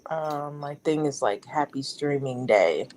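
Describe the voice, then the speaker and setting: A woman chatting casually on a live stream, quick to laugh. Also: sits low. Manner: laughs easily, slow and lively speech.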